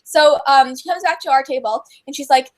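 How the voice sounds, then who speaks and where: Young woman co-host with a high voice, chatty and gushing, full of fillers. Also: a little fast. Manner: gushing and chatty, many fillers, laughs often. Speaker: co-host of a book and TV chat livestream. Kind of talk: casual chat.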